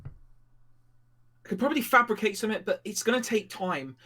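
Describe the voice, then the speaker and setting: A man voicing a panicky young male mech shopkeeper who yells in a frantic rush. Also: high voice, animated, normal speed, husky, voice pushed up, heavily acted. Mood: stressed. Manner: frantic, yelling.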